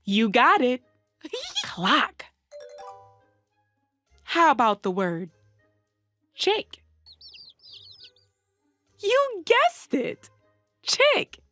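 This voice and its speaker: A woman's voice: high voice, huge pitch swings, drawn-out words, long pauses, pushed and bright, soft background music. A woman leading a reading lesson for young children, prompting them and praising their answers encouragingly.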